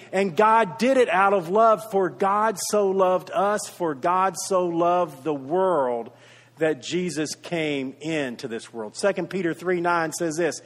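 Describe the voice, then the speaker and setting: High-voiced pastor preaching in a hall. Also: male voice. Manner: earnest, repetitive emphasis, storytelling asides. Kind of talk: sermon. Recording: reverberant hall.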